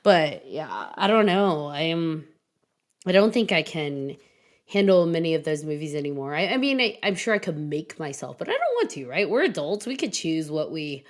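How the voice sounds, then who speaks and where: A woman hosting a horror podcast, chatting in a giggly, animated way and telling little stories. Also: low-pitched, normal speed. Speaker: podcast host. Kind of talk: casual chat. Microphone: livestream video call.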